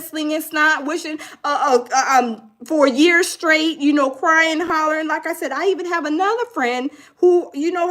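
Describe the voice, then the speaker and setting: A woman with a bright, high-pitched voice, talking casually about crime news. Her delivery is preachy and conversational, with mocking quotes of others slipped in. She speaks like a host addressing her viewers. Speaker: commentary host.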